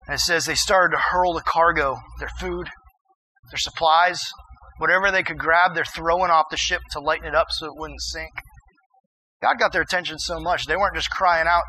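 A man preaching to a young crowd, his voice bright, forceful and a little high. He acts out the people in his story and climbs to a shout at the high points. A faint hum of the room sits behind him. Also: normal speed, low-quality recording. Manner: animated, acts out characters, rises to shouting. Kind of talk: sermon.

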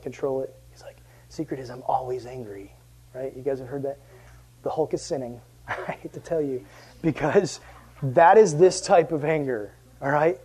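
A man's voice: a little high, mellow. A youth pastor giving a casual evening sermon to young people. He talks conversationally and jokes, then builds to emphatic passion.

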